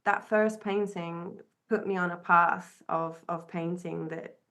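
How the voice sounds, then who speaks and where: A woman's voice: fairly low pitch, fairly even intonation, slow pace, fairly bright tone. Earnest reflective woman podcaster. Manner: earnest, searching, with frequent restarts. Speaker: podcast co-host. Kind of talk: reflective conversational storytelling.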